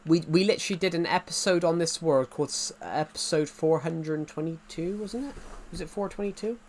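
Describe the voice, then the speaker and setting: A man's voice: fairly high pitch, brisk, a little mellow. A young man chatting casually while livestreaming a game, rambling and poking fun at himself. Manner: rambling, self-mocking, easily sidetracked. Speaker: gaming livestreamer.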